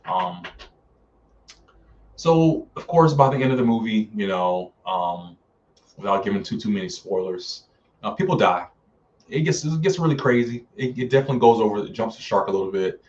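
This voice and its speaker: A man with a low-pitched voice chats loosely through a live-stream film review, filling gaps with ums and acting out characters' lines. He sits back from the microphone, and the sound comes through dull and lo-fi. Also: animated, normal speed, a little mellow, recorded from a distance. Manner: chatty, many fillers, acts out characters' lines.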